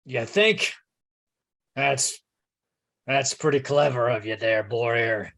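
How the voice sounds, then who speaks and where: A man at a tabletop game talks bluntly and gruffly, often speaking in character. His voice has a gravelly fry but a bright, forceful edge. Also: mid-range voice, takes it slowly. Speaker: player.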